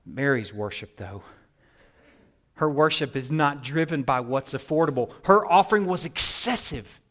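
Male pastor, sermon, animated storytelling, hushed to loud. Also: a little high, moderate pace.

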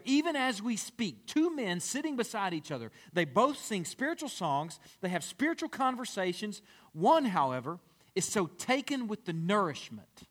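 A male pastor preaching a sermon, acting out the voices of people in his story. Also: high-pitched.

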